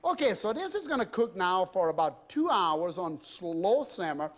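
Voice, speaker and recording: Middle-aged louisiana guy, fairly high voice, chatty folksy cooking host, lots of y'all. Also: very animated, moderate pace, fairly bright tone. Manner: folksy and exuberant, often says "y'all" and "I tell you". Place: home kitchen.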